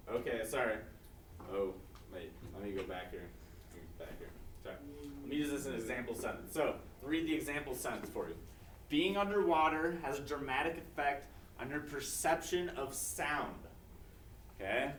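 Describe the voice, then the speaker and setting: A male teacher leading a class, drilling vocabulary by call and response and filling pauses with frequent "okay". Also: mid-range voice, a bit bright. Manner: frequent "okay" fillers, repeats prompts. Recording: echoey classroom from far off, faint noise.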